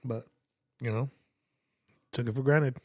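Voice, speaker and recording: A man's voice: mid-range voice, steady tone, unhurried, no room sound, clean studio sound. A man from Texas telling a personal testimony as a podcast guest. He rambles earnestly and fills the story with "like" and reenacted quotes. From San Antonio, Texas.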